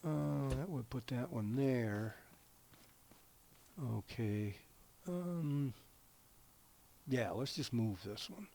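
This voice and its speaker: A man talking through a building game in a loose, rambling way, full of restarts and little chuckles. His voice sits at an ordinary mid pitch, relaxed and conversational. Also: extremely slow, vocal fry, pauses often, slight background noise. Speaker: gaming video creator. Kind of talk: casual gameplay commentary.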